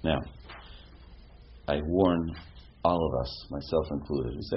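A man teaching a lively Torah class as a rabbi, asking rhetorical questions and mixing in Hebrew terms. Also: a bass voice, measured pace, pauses often. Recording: dull lo-fi recording with faint noise.

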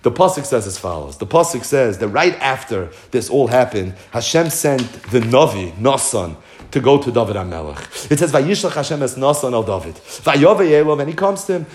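Animated male Torah teacher, echoey room. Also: medium pitch. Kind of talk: animated storytelling Torah class.

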